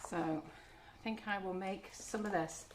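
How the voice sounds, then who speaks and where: Very noisy audio captures a middle-aged woman demonstrating cake decorating in a live online class from her home kitchen. She talks at a measured pace in a medium-pitched voice, friendly and chatty as she works.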